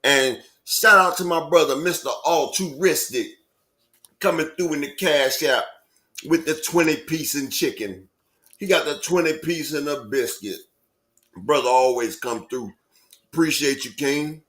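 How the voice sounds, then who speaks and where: A man co-hosting a live stream in casual chat, joking around and giving shout-outs to viewers. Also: fairly high pitch. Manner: playful, jokey, does quick impressions and shout-outs. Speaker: co-host.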